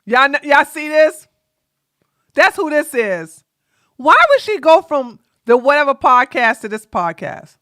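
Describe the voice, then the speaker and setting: A woman streamer talks back to the clips she is watching, sassy and animated, full of exclaimed asides. Her voice is bright and sits a little high, and it is recorded dry and close with no room around it. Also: a little slow, no echo. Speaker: livestream host. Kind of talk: casual reaction commentary.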